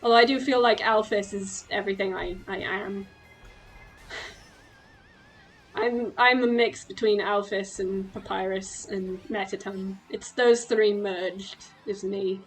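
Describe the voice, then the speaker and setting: A woman streaming a game, chatting casually in an excitable, giggly way with quick exclamations. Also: mid-range voice, soft background music, low-quality recording. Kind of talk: casual gameplay chat.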